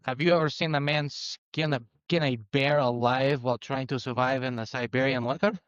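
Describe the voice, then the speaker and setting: A man voicing a gruff, tough Russian agent in a put-on Russian accent, curt and scornful, over a slightly dull recording. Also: medium pitch, fairly even intonation, normal speed, no room sound, lightly acted.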